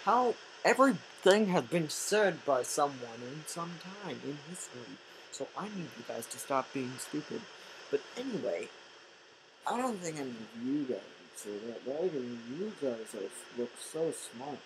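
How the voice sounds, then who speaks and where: A man doing goofy, rambling solo game commentary with sudden yelling outbursts. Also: mid-range voice, big pitch swings, normal speed, background noise. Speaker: gameplay commentator.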